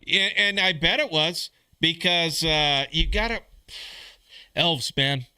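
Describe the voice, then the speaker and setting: A man's voice: on the high side, slow, sharp tone, clear, resonant tone, dry recording. A man hosting a podcast in a crude, sardonic casual rant, calling listeners "man" and "brother". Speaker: podcast host.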